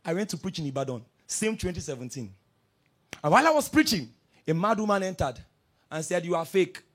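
A male pastor preaches with a high voice that leaps up and down. He tells his stories with energy, dropping to quiet asides and then rising to loud declarations. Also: fairly quick, husky. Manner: animated storytelling, swings from soft asides to loud declarations. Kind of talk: sermon.

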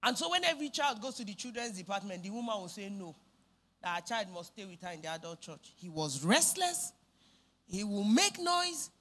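A woman's voice: medium pitch, very animated, normal speed, fairly bright tone. A woman preaching a sermon, stressing points by repeating phrases.

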